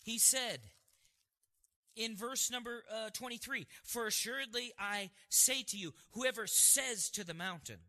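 High, bright-voiced preacher in a hall. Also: male voice, a little slow. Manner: asks the congregation questions and answers them. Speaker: pastor. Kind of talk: sermon. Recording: hall reverb.

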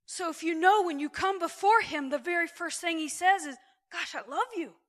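A middle-aged woman shares her testimony with a church gathering. Her voice sits high and bright. She talks with animated, exclamatory energy. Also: fairly quick. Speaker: church speaker. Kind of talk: testimony sermon.

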